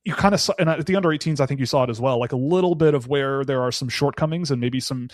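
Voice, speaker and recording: A man breaking down hockey prospects in a loose, thinking-aloud way. He restarts his sentences often and stacks up qualifiers. His voice is mid-pitched and recorded close and dry, with no room sound. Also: fast, no room sound. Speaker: draft analyst guest. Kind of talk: casual podcast analysis.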